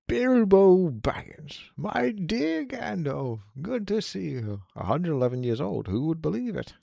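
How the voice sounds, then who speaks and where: Elderly hobbit, fussy, high sing-song voice, excitable, film dialogue. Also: male voice, measured pace, vocal fry, no echo, clean studio sound, full character voice. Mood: welcoming. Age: older.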